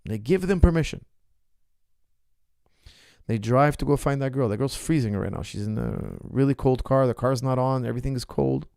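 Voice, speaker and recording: A man's voice: mid-range voice, lively intonation, brisk, gravelly, few pauses, a little mellow, clean tone, no room sound, studio quality. A man hosting his own ask-me-anything show, arguing his point with passion and firing rhetorical questions at his viewers. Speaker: martial arts coach and show host. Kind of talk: ask-me-anything livestream monologue.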